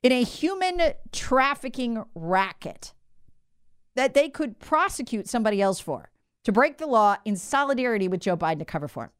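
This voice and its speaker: A woman's voice: a little high, very animated, moderate pace, clear, resonant tone, no echo, studio quality. Indignant woman commentary host. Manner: emphatic and indignant, with sarcastic asides. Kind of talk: opinionated political commentary monologue.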